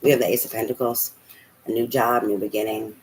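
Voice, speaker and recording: A man's voice: lowish voice, little pitch movement, fairly quick, a little hiss or hum, rough recording. A man giving a casual tarot reading, talking aloud to spirit and swearing now and then. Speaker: tarot reader.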